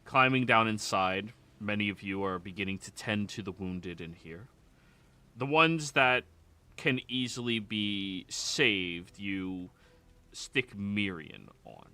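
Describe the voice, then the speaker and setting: A man's voice: lowish voice, pushed and bright. A man running a live-streamed tabletop game as game master, chatty and laid back, laughing easily.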